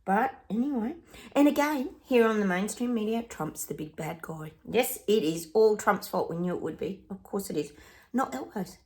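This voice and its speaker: A woman's voice: mid-range voice, animated, moderate pace, darkish tone. An Australian woman chatting casually to her viewers, exasperated and gossipy, often calling them "guys". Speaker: psychic vlogger. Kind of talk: casual opinion chat to viewers.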